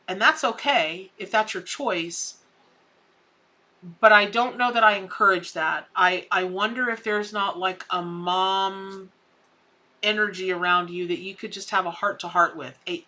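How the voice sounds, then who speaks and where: A woman's voice: mid-range voice, fairly even intonation, normal speed, sharp tone. A middle-aged woman with a Southern US accent, giving effusive, folksy tarot readings on a live stream and calling viewers honey and baby. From American South. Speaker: tarot reader hosting a live charity stream.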